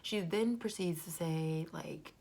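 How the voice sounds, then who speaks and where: A woman's voice: deep voice, slow, creaky, a little mellow. A woman giving a casual, chatty recap of a reality TV episode, gossipy and prone to whispered asides.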